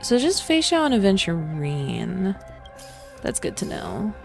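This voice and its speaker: A chatty woman live-streaming a game, her pitch leaping up and down as she teases her chat and hums to herself. Music plays clearly behind her voice. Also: sing-song, measured pace. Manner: chatty and playful, greets chat, hums, laughs often. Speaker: streamer, virtual singer and gacha player. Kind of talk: casual live-stream chat while gaming. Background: background music.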